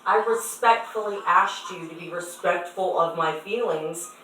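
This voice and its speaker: A young woman pleads with her mother in an emotional phone argument, her voice upset and close to tears. Her tone is bright and sharp. She sits far from the mic in a very echoey room with a faint hiss behind her. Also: fairly low pitch, measured pace. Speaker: daughter arguing with her mother.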